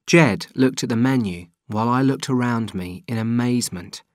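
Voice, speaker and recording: A man narrating an audiobook in a plain, steady reading voice. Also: mid-range voice, moderate pace, no echo, studio quality. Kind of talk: scripted narration.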